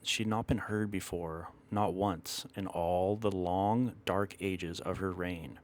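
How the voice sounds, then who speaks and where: A man telling an old myth in a measured, dramatic way, stopping now and then to correct himself. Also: deep voice, fairly even intonation, a little mellow. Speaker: storyteller. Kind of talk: storytelling narration of a myth.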